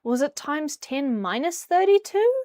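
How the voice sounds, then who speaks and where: With a high, very animated voice and a darkish tone, a young New Zealander talks at a measured pace on a casual livestream. She is cleaning up her bedroom, rambling along and humming or singing nonsense syllables as she goes.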